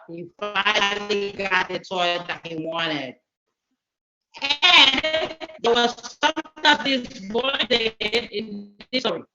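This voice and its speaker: A woman telling a children's story at a church service, speaking expressively and addressing the children directly. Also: medium pitch. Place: church sanctuary. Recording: echoey church hall, dull sound.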